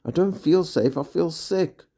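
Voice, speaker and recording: A man reading a storybook aloud, voicing a frightened young boy who pleads in a high, strained voice. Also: a little slow, gravelly, warm tone. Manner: fearful, pleading, high-pitched.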